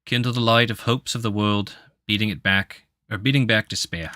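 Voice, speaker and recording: A man's voice: lowish voice, fairly even intonation, moderate pace, pushed and bright, no echo, clean studio sound. A tired man voicing a male mentor spirit who recites a paladin oath, barely changing his own voice. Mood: solemn. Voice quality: tired, no accent attempted. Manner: solemn, reciting an oath line by line.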